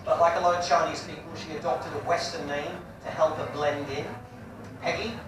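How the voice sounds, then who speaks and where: A man's voice: fairly high pitch, fairly even intonation, brisk. A man in his forties doing a stand-up comedy set on stage, brash and crude with his punchlines. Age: 40s. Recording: echoey live room from far off, audience noise.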